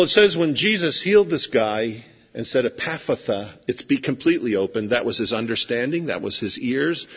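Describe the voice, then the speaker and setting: A man's voice: mid-range voice, breathy edge. A man preaching a sermon in a conversational storytelling manner, acting out scenes as he goes. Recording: dull lo-fi sound with long hall reverb.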